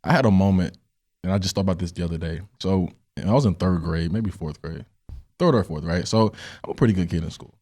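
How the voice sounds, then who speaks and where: Young man, podcast host, low voice, quick delivery, mellow tone, animated storyteller. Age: young adult. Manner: animated storyteller, says "right?" often. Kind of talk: casual chat.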